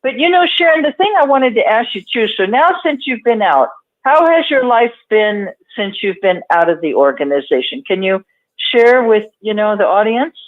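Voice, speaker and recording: A woman's voice: fairly high pitch, animated, normal speed. A woman hosting an interview, sympathetic and affirming, calling her guest honey. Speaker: host. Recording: tinny phone-line sound.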